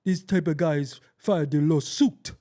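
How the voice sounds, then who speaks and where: A man's voice: on the high side, moderate pace, warm tone, lightly acted. A man putting on a mocking voice of a self-important man boasting about filing a lawsuit. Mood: mocking drawl.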